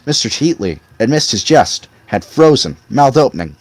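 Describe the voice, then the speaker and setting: Expressive male audiobook narrator, mid pitch, dry sound, faint music under. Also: moderate pace, no echo. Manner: expressive reading. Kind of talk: scripted narration.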